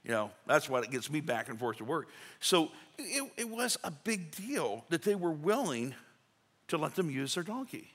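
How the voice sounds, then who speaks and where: A man's voice: a little high, big pitch swings, moderate pace, fairly bright tone, husky. A male pastor preaching a sermon in a folksy, conversational way, acting out little quotes. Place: church sanctuary. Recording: reverberant church sanctuary.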